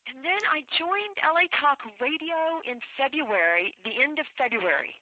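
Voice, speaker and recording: Southern lady rambling on a call-in, high-ish voice, kinda muffled dry phone sound. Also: animated, moderate pace, no room sound. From Memphis, USA. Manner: chatty, rambling with many "you know"s. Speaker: radio show host and matchmaker, guest. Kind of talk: casual radio interview.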